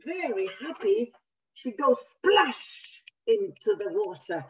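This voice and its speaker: A woman educator, not a native English speaker, reading picture books aloud in a workshop in an animated, expressive way. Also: on the high side, takes it slowly, slightly rough. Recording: distant, dull lo-fi.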